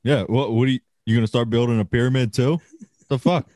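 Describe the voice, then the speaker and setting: A man's voice: medium pitch, quick pace, dark tone, no echo, clean studio sound. A man co-hosting a casual podcast, sarcastic and ranting with plenty of swearing. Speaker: podcast co-host.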